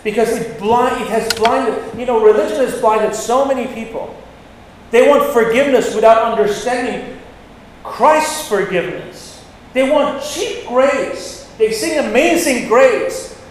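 A man preaching a sermon, blunt and forceful, with sudden loud peaks. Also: very high-pitched. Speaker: pastor. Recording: echoey hall with long reverb, faint noise.

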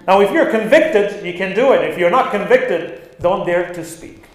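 A male pastor preaching an animated sermon, stressing lines and acting out quoted words. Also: high-pitched, normal speed. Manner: animated, acts out quotes with bursts of emphasis. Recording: very echoey room.

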